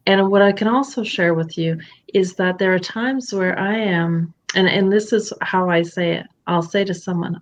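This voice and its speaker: Animated woman host, slightly muffled audio. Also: lowish voice, moderate pace, hardly any pauses. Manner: animated, emphatic, playful. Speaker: podcast host. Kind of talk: candid conversational chat.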